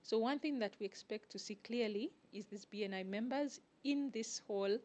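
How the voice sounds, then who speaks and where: A woman gives a guest interview at an even, mid-range pitch. She explains things step by step in a measured way and often pauses to find her words. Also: highs cut off. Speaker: guest, networking group organizer. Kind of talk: interview answers.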